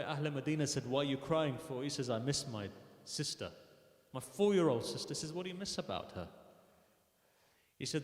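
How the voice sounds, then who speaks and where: Speaking at a mosque gathering, this medium-pitched man tells a sorrowful religious story, taking on the voices of its figures as his intensity builds. The sermon is recorded in an echoey hall with a long reverb.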